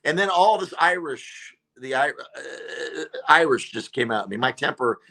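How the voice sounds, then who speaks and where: A man's voice: mid-range voice, measured pace, gravelly. A comedian telling a story in casual chat, acting out the people he quotes. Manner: animated, acts out quotes. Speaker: comedian guest.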